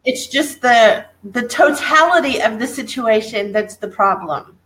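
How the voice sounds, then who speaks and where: A woman's voice: on the high side, lively intonation, measured pace, fairly bright tone, low-quality recording. A woman interviewing a guest, encouraging and gushing, laughing along as she talks. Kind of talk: warm conversational interview.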